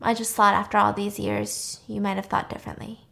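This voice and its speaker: A woman's voice: mid-range voice, little pitch movement, a little fast, creaky, pushed and bright. A woman voicing a bitter young woman who speaks sweetly but with pointed, cutting edges. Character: cool, bitter young woman bent on revenge.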